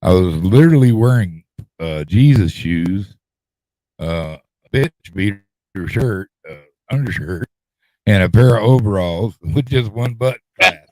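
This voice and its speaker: A man's voice: fairly low pitch, lively intonation, unhurried, darkish tone, dry recording. A middle-aged man, telling a long rambling story in a folksy drawl and repeating himself as he goes. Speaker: podcast host telling a story. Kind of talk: casual storytelling chat.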